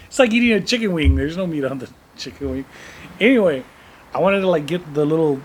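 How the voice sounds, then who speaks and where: A middle-aged man on a podcast, his voice sitting a little high for a man. He talks bluntly and swears freely, always half joking. A faint steady hum sits under the casual chat. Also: a little fast. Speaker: podcast co-host.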